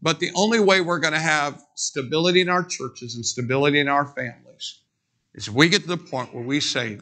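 A man's voice: on the high side, brisk, pushed and bright. A man pastor preaching a sermon in a church, emphatic and drilling points with call-and-response. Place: church sanctuary.

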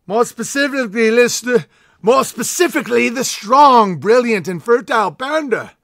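A man's voice: extremely high pitch, animated, normal speed, fairly bright tone, no room sound, clean studio sound, pitched above the performer's own voice, exaggerated voice. A man voicing a grandiose male panda bear herald, proclaiming in a pompous, mock-epic reading.

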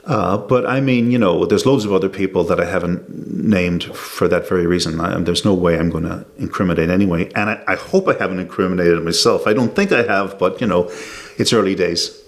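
Low gravelly older man, emphatic. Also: brisk. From United States. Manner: repeats and restarts words, emphatic when denying. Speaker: interview guest. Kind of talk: casual interview talk.

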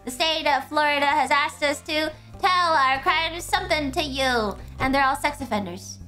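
Playful high-voiced woman streamer. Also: moderate pace, bright, forceful tone, faint music behind. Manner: playful, teasing, jokey. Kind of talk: casual gaming chat.

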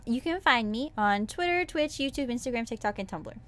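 Bubbly high-voiced woman streamer. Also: expressive, quick pace, few pauses, a bit bright. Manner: bubbly, playful, squeals and cutesy sound effects. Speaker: VTuber streamer. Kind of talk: casual livestream chat.

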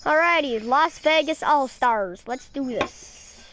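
A woman's voice: sits high, takes it slowly, a bit bright, slight background noise. A woman doing casual gaming commentary, playfully trash-talking and exclaiming at the screen. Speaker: gamer streaming a baseball game.

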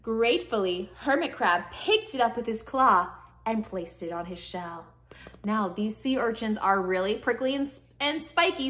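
A woman storyteller reading a picture book to young kids, her voice swooping up and down with lively expression. She takes her time, drawing each phrase out slowly, and keeps stopping to coax the children into freezing, wiggling and cheering along. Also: medium pitch. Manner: animated, guiding children through movements.

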